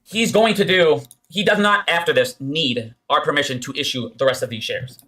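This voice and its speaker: A man's voice: a little high, normal speed, pushed and bright. A man giving insistent, profane stock market commentary while explaining a chart.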